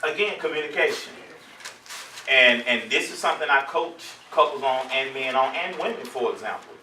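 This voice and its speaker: A man's voice: mid-range voice, expressive, moderate pace, pushed and bright, echoey room, distant mic, slight background noise, rough recording. A man hosting a show as a relationship coach, preaching playfully to his audience with call-and-response and laughter.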